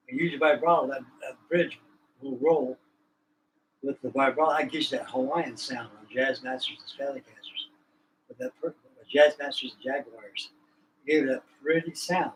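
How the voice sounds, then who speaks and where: A man's voice: medium pitch, normal speed, slight background noise, poor audio. A man hosting a livestream, chatting casually in a folksy, rambling, colloquial way. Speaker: livestream host. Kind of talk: casual chat.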